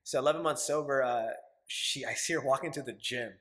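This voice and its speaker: A young man in his twenties appears as a podcast guest in a casual interview, speaking at an ordinary middle pitch, fairly quickly, with a fairly bright tone. He candidly tells stories, swears freely, and acts out things he once said.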